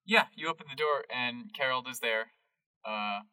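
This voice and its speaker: Male game master, bright tone, slightly distant mic, hesitant. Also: medium pitch, normal speed, smooth. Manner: laughs often, hesitant fillers. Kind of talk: narrating a tabletop game.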